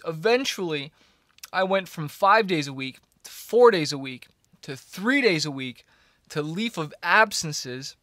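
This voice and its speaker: A young man, a musician, telling his own story to camera in a casual, energetic way, with lots of "man" and "you know". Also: a little high, no echo, clean studio sound. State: coughing a little. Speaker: musician vlogger.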